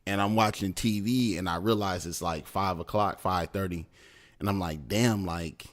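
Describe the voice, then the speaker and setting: A man's voice: low voice, fairly even intonation, moderate pace, fairly bright tone. A man co-hosting a podcast in casual chat, explaining at an easy pace and checking in with "right?" and "you know what I'm saying". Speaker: podcast co-host.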